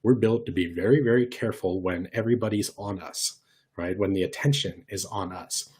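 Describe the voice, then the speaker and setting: Husky man teaching a lively workshop. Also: lowish voice, brisk. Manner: lively, conversational, demonstrates voice shifts. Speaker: workshop presenter. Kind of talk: online workshop lesson.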